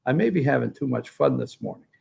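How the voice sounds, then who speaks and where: A man's voice: medium pitch, animated, fast, vocal fry, darkish tone, slightly rough. A man giving joking, sarcastic political commentary from a remote spot by a pool. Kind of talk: opinionated political talk. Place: outdoors by a pool, remote from the studio.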